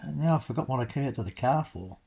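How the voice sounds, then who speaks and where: Husky older man rambling wryly. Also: mid-range voice, animated, fast talker, mellow. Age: 60s. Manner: chatty, self-mocking, wry asides to viewers. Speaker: vlogger. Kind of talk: casual rambling storytelling.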